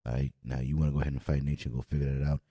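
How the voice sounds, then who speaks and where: A man's voice: extremely low pitch, little pitch movement, racing, warm tone, no room sound, clean studio sound. A young man hosting a podcast in a casual, blunt and profane rant. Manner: blunt, profane, repetitive, heated. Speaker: podcast host.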